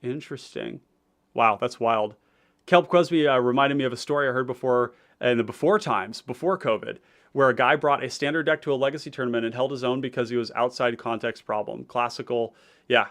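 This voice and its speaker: A man chatting casually on a livestream, rambling with plenty of ums and restarts. He reads out viewer comments and plays through his deck in a relaxed, conversational way. His voice sits at an ordinary middle pitch. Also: a little fast. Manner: rambling, many fillers and restarts, reading chat aloud. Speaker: deck-building host.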